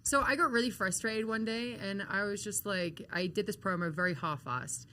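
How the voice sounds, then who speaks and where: A woman with an English accent, an interview guest telling animated, laughing stories with frequent swearing. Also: medium pitch, normal speed. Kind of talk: casual storytelling interview. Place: hotel-side event venue in Las Vegas.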